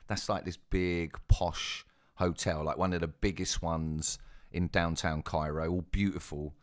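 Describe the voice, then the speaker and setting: Young man, very deep voice, chatty anecdote, self-mocking asides. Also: measured pace. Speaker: storyteller. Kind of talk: casual spoken anecdote.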